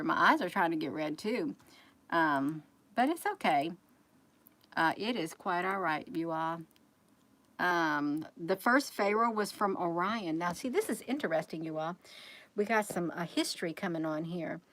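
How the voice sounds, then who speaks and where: Woman rambling on a livestream, kinda low voice, keeps saying you all to chat. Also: normal speed, a bit bright. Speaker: livestream host talking to her chat.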